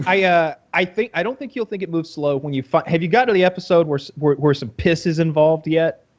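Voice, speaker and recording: A man's voice: fairly high pitch, fairly quick, dry recording, muffled recording. A man co-hosting a podcast in casual chat, rambling and laughing, often searching for words. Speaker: podcast co-host. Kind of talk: casual chat about TV shows.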